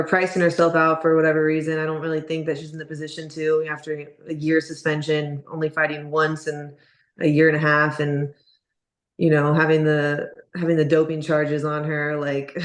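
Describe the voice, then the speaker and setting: A woman's voice: low-pitched, echoey room. A woman boxer being interviewed, talking candidly and bluntly with lots of "like" and "you know". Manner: candid and blunt, filler-heavy speech. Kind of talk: casual interview.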